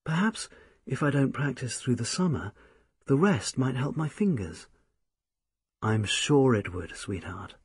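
A man's voice: mid-range voice, expressive, a little slow, slightly rough, no room sound, studio quality. A man voicing a young woman, an earnest and devoted music student, in an audiobook reading. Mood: wistful. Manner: eager, tender, pleading. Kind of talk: audiobook character voice.

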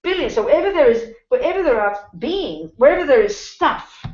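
A woman's voice: sits high, expressive, brisk, darkish tone. Australian woman teaching, blunt and emphatic. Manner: blunt, emphatic, calls listeners honey and sweetheart. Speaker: Buddhist teacher. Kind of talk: dharma teaching talk to a class. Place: teaching room with listeners. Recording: roomy, dull lecture-room recording.

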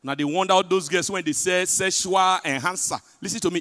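A man with a Nigerian accent performing a stand-up comedy set in pidgin, telling stories with big swings between loud punchlines and hushed asides. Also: sits high, huge pitch swings, fairly quick, soft background music. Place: large hotel event hall. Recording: live hall reverb.

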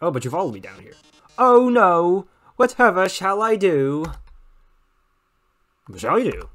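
A man voicing a flamboyant male robot TV star with a theatrical, drawn-out, mock-tragic delivery. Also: on the high side, wildly swooping pitch, a bit bright, voice pushed up, full character voice.

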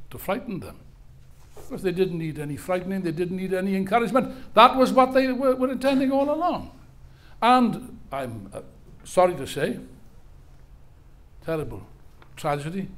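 A man's voice: sits high, animated, normal speed. An older man giving an impassioned speech at a political rally, emphatic and hammering key phrases through repetition. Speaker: rally speaker.

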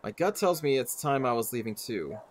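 A man's voice: mid-range voice, animated, fairly quick, close to an everyday voice. A man reading the lines of a guarded, defiant female elf wanderer in a game, in a terse, wary way.

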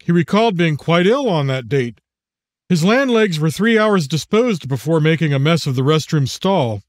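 Author-narrator, male, slightly high voice, measured audiobook read, dry booth. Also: no echo. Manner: measured, even storytelling.

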